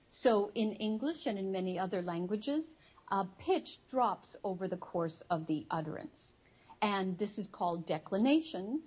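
A woman psychology professor giving an academic lecture to a live audience, explaining in a measured way with frequent ums and uhs. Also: mid-range voice, a little mellow, muffled recording. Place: studio before a live audience.

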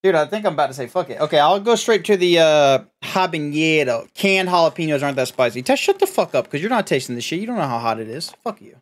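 A man's voice: a little high, lively intonation, fast, hardly any pauses. A man streaming from his room, chatting casually, joking, swearing and laughing often. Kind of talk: casual live-stream chat.

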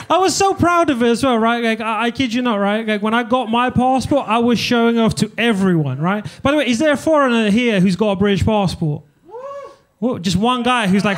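A man's voice: very high voice, animated, brisk, slight background noise. A young man from Eastern Europe doing a stand-up comedy set on a club stage, talking with the crowd in a laid-back, profane way.

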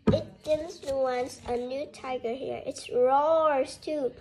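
A woman reading a children's story aloud in a slow, careful way, inviting her listeners to join in. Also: high voice, fairly even intonation, warm tone.

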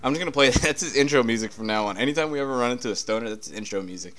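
Over soft background music, a man races through casual let's-play commentary in an expressive, slightly bright, medium-pitched voice. Profane and rambling, he's easily irritated by the game he's playing.

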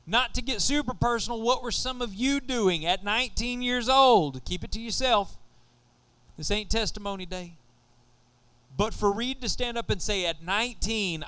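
Bright, clear-voiced Texan preacher. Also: male voice, high-pitched. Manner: casual, joking preacher addressing the congregation. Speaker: pastor. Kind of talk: sermon.

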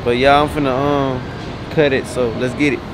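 A man's voice: mid-range voice, level tone, moderate pace, noisy background. A young man with an African American Vernacular English accent, chatting in a laid-back, slangy, playful way in a casual family vlog. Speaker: vlogger, father. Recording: faint music behind.

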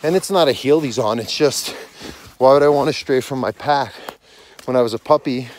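A man's voice: medium pitch, normal speed, slight background noise. A man in his forties, out of breath, chatting casually as a dog-training podcast host while walking outdoors in the mountains. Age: 40s. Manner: rambling, self-correcting, conversational. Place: outdoors on a snowy mountain property at dusk.

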